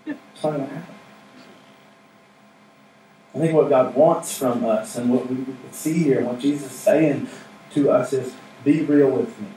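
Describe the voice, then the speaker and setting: A man's voice: medium pitch, unhurried, pauses often, mellow. A man giving a casual, plain-spoken sermon as pastor, mixing humor with earnest appeals to his congregation. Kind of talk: conversational sermon. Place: church sanctuary with responding congregation. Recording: echoey room, mic at a distance, faint noise.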